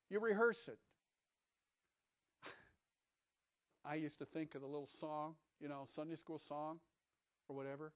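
A man preaching a sermon, emphatic, swinging between raised passages and hushed, quiet ones. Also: fairly high pitch. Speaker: pastor. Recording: tinny phone-like audio recording.

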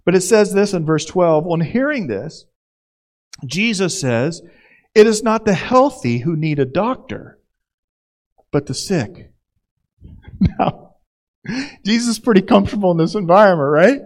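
Man pastor, high voice, conversational sermon that acts out the scenes. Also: animated, normal speed, long pauses.

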